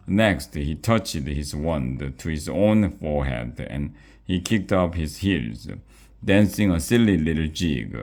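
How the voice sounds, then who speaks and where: A man reading a children's chapter book aloud, haltingly, stumbling and repeating words. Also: a bass voice, darkish tone. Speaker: reader.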